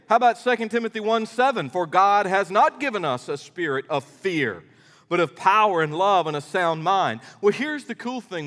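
A middle-aged pastor delivers a sermon in a high, lifted voice, folksy and emphatic as he tells his stories. The sound carries a long reverb from a church sanctuary. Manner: animated storytelling preacher, folksy and emphatic.

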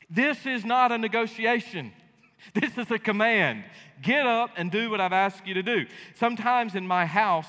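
Middle-aged man, preacher, bright and slightly high voice, folksy and emphatic, long hall reverb. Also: lively intonation, moderate pace. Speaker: pastor. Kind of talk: sermon. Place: church sanctuary.

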